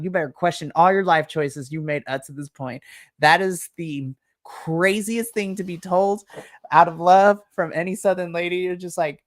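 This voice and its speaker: A woman with a fairly low voice runs a tabletop game on a live stream, narrating scenes in a chatty, rambling way. She laughs often and leans on fillers as she talks. Her voice is recorded close and dry. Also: normal speed, no echo. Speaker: game master.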